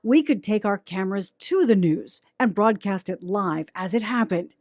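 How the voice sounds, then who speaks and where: A woman news anchor giving measured, polished documentary narration. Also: medium pitch, lively intonation, darkish tone, no room sound, studio quality.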